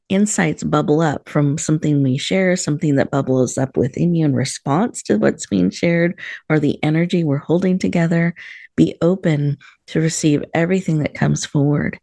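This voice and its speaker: A woman hosting a show, gently guiding listeners through a slow breathing meditation in a soothing manner. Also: low voice, vocal fry, no room sound. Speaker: host.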